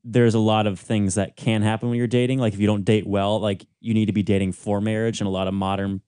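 A man's voice: on the low side, flat delivery, fast talker, mellow, clear, resonant tone, no room sound, clean studio sound. Young man rambling on a podcast. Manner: rambling, filler-heavy. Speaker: podcast co-host. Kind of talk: casual chat.

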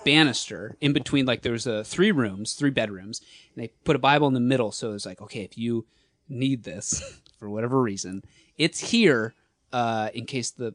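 A man's voice: medium pitch, a bit bright, no room sound, clean studio sound. A man in casual podcast chat, telling a story with lots of laughter.

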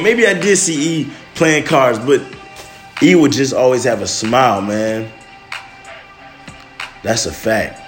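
A young man hosting a casual podcast monologue, loose and emotional, full of slang and "man" and "bro". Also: mid-range voice. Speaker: podcast host.

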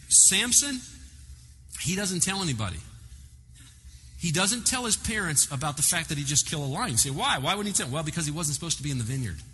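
Man preaching, high voice, very bright and sharp, long hall reverb, faint room noise. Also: a little fast. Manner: animated storytelling with asides to the congregation. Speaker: pastor. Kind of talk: sermon.

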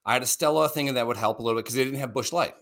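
A man's voice: mid-range voice, rapid-fire, fairly bright tone. A middle-aged man co-hosting a podcast in crude, rambling casual chat, swearing freely and laughing often. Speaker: podcast co-host.

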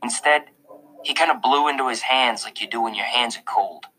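A man narrating a children's novel in the first person, with an expressive storytelling delivery. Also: mid-range voice, normal speed, slight background noise, rough recording. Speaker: audiobook narrator.

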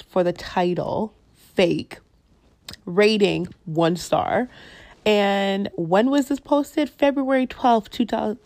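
A young woman hosting her own podcast, telling a story in a blunt, profane, animated way and acting out both sides of the dialogue. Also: mid-range voice, creaky. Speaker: podcast host. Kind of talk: casual storytelling rant.

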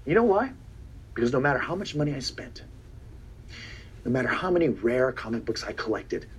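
A man's voice: fairly low pitch, a little hiss or hum. A man, a pro wrestler, giving a boastful, taunting promo interview in a clip from a TV broadcast, often stammering and repeating his words.

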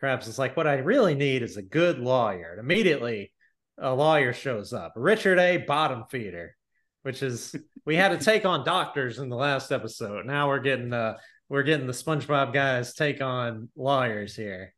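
A man's voice: mid-range voice, lively intonation, fairly bright tone. A man co-hosting a podcast, casually retelling cartoon scenes and quoting the characters. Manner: retells cartoon scenes with quick quoted voices. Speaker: podcast co-host. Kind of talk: casual chat.

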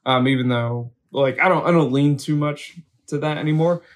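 A man's voice: fairly high pitch, normal speed. A man co-hosting a podcast, chatting casually and rambling with many filler words. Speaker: podcast co-host. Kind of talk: casual chat.

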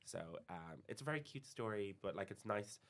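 A man's voice: on the low side, lively intonation, fairly quick, fairly bright tone. A young man from Ireland with an Irish accent, chatting as a podcast guest and rambling with lots of "like" and restarts. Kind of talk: casual chat.

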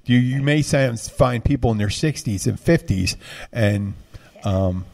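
A man's voice: mid-range voice, unhurried, gravelly, darkish tone. Philly guy, casual chat, rambly, lots of um and restarts. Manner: rambling, many restarts and fillers.

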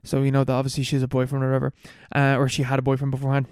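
A man's voice: mid-range voice, completely flat delivery, darkish tone, clean tone, no echo, studio quality. A man in a casual chat, rambling and laughing as he recaps a film plot. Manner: rambling, laughing, swearing, fast storytelling.

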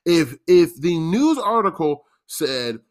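High-voiced man ranting sarcastically. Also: sing-song, slow pace. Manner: sarcastic and profane, with emphatic repetition; heated, with stammered restarts. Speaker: podcast host. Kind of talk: solo opinion rant.

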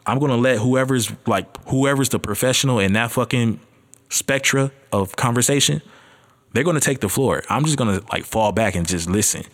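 A man's voice: mid-range voice, moderate pace. A man hosting his first solo podcast, nervous, rambling and profane, talking straight to his listeners in slangy casual chat. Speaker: podcast host.

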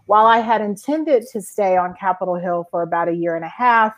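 A woman's voice: medium pitch, brisk, lo-fi sound. Woman telling stories as an interview guest. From Georgia, US. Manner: lively anecdotal telling with frequent uh fillers. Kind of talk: conversational storytelling.

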